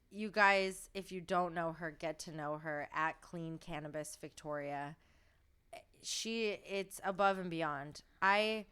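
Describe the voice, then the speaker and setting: A woman's voice: lowish voice, a bit bright, clear, resonant tone. A woman hosting a podcast in casual chat, gushing and talkative, laughing often in a studio. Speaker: podcast host.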